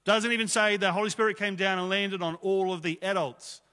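A man's voice: high voice, fairly even intonation, fairly quick, sharp tone, clean tone, long reverb tail. A man preaching a sermon to his church, conversational and emphatic, with rhetorical questions. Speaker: pastor.

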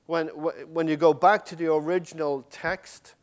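Preaching a sermon with passion, a man with a fairly high, smooth voice keeps a steady tone at a moderate pace. He swings from loud emphasis to near-whispers and addresses the congregation directly.

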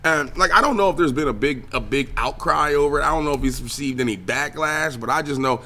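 A man's voice: mid-range voice, quick pace. A young man hosting his own podcast, ranting casually and profanely about video games and the news, with lots of fillers. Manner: profane, animated, trailing filler words. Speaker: podcast host and streamer. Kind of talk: casual solo podcast rant.

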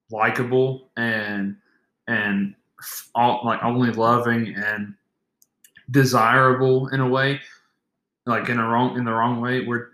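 A man's voice: mid-range voice, pushed and bright. A young man co-hosting a faith podcast, speaking earnestly and emphatically. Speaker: podcast co-host. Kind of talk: casual faith podcast talk. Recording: echoey room.

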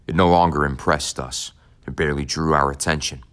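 A man with an extremely deep voice narrates a scripted first-person audiobook. He reads in a measured, somber way, unhurried and steady.

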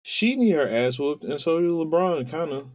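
A man's voice: on the high side, lively intonation, normal speed, darkish tone, dry recording. A man co-hosting a podcast in casual chat, blunt, joking and profane. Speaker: podcast co-host.

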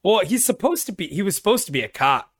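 A man hosting a podcast, joking and swearing in loose, animated banter. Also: high-pitched, quick pace, over a noisy crowd. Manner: animated, profane, jokey. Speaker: podcast host. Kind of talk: casual podcast chat.

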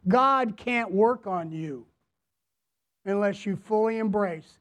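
A man preaching a sermon as pastor to his congregation, deliberate, repeating phrases and asking them questions. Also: sits high, fairly bright tone. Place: church, before a congregation.

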